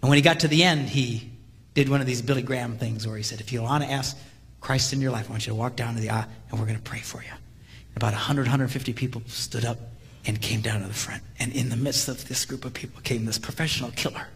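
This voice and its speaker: A man giving a humorous sermon-style seminar talk, telling stories animatedly and jumping into high voices for quotes. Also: fairly even intonation, fast, slight background noise. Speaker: marriage seminar speaker. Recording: live hall with long reverb, faint ambience.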